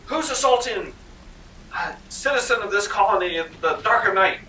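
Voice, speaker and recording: A man voicing an indignant colonial man who has just been pinned to a wall in the dark, with a Southern accent. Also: lively intonation, normal speed, roomy sound, distant mic, a little hiss or hum, rough recording. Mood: outraged. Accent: Southern American. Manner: high, outraged exclaiming.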